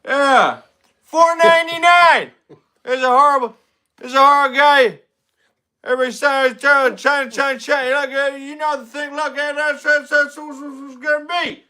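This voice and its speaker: A man putting on a rambling, mumbling elderly male president who trails off and then suddenly shouts. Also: very high-pitched, steady tone, normal speed, pitched above the performer's own voice, exaggerated voice.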